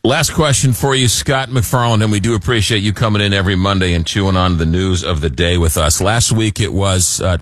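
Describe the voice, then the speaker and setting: A man hosting a late-night radio talk show, animated and jokey, often repeating words as he gets going, on a studio microphone. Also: on the low side, dry recording.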